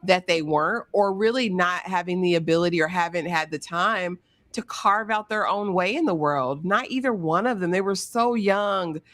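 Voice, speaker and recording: A woman's voice: fairly low pitch, normal speed, fairly bright tone, no room sound. A woman co-hosting a casual live recap chat, blunt and opinionated. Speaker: co-host.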